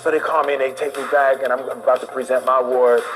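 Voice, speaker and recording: A man telling a comic story, animated and acting out the voices. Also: medium pitch, quick pace. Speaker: celebrity guest.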